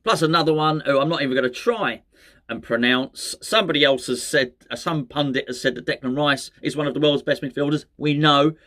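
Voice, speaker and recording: A man's voice: a little high, fairly quick, a bit bright. A man hosting a fan channel, chatting casually on his own about transfer rumours, with rambling, self-mocking asides and plenty of restarts. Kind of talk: casual solo football chat.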